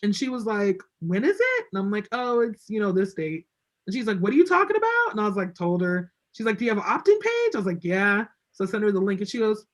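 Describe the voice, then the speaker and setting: A woman as an interview guest, telling a story casually and acting out what people said to her. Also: fairly high pitch. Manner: chatty, acts out quoted voices. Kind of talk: casual storytelling on a video call.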